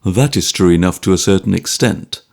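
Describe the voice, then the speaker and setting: A man voicing a kindly, excitable old guardian. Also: medium pitch, normal speed, vocal fry. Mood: earnest. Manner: earnest, insistent. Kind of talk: audiobook character reading.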